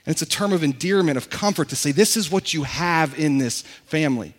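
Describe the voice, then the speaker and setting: Animated preaching man, a bit high. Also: a little fast. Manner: animated, excitable, preaching to a congregation. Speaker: pastor. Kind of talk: sermon.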